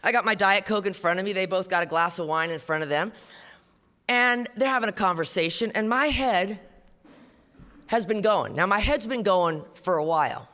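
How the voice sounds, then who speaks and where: Casting: a woman telling her story to a meeting, blunt and salty, bright-voiced, in a reverberant hall. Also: medium pitch, moderate pace. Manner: blunt, profane, conversational storytelling. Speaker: recovery meeting speaker. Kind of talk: personal testimony talk. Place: meeting hall before an audience.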